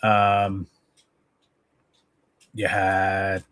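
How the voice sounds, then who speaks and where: A man's voice: low-pitched, completely flat delivery, very slow, fairly bright tone, clear, resonant tone. Man hosting a casual football live stream; rambling, chatty, reads viewers' comments aloud. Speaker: host of a football fan channel.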